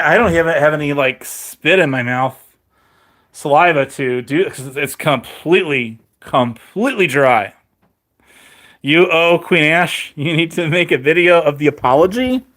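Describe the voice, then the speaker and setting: A man chatting with viewers on a live stream, rambling and self-mocking with halting restarts and frequent laughs, his mouth dry and his voice turning crackly. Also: on the high side, a bit bright.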